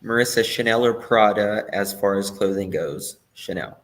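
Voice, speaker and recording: A man's voice: fairly low pitch, moderate pace. A man hosting a casual interview, reading out viewer questions and laughing along with his guest. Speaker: host.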